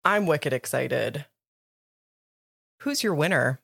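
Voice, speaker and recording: A woman's voice: sits low, slow pace, gravelly, music in the background. Woman cohosting a chatty podcast, super bubbly, voice bouncing all over, laughs a ton. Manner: bubbly, laughs often, squeals with excitement. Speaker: podcast co-host. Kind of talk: casual chat.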